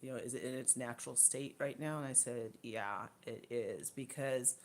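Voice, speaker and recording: A woman's voice: rumbling low, moderate pace, slight background noise. A middle-aged woman chatting casually on her livestream, rambling and out of breath, thanking viewers by name. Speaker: livestream host.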